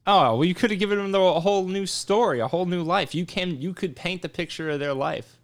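A man's voice: high voice, fast. A man co-hosting a casual podcast chat, giving short, blunt, joking replies. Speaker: podcast co-host.

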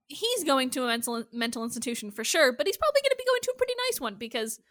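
A woman's voice: high-pitched, very animated, racing, a bit bright. A woman co-hosting a casual podcast chat about a TV show, talking emphatically and swearing heavily. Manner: emphatic, heavy swearing, gets worked up. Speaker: podcast co-host.

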